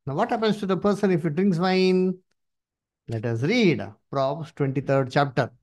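A man preaching at a Bible study, emphatic and repetitive, swinging his pitch up and down. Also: normal speed, darkish tone. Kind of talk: sermon with Bible reading.

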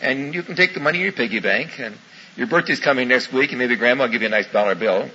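A man's voice: mid-range voice, fast talker, pushed and bright, slightly rough, lo-fi sound. A man doing a kind, patient mother. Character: kind patient mother explaining to her child.

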